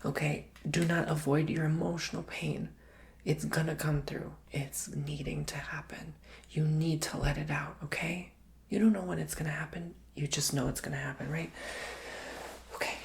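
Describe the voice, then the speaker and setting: A man giving an ASMR tarot reading, often whispering, speaking softly and reassuringly straight to the listener. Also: fairly high pitch, fairly even intonation, normal speed, gravelly, slight background noise. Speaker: tarot reader.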